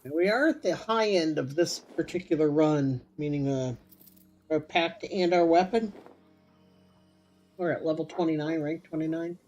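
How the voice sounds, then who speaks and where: A man's voice: on the high side, moderate pace, faint music behind. Give me a man musing over his gameplay. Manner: thinking aloud, relaxed and rambling. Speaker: gamer streamer. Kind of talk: casual gameplay commentary.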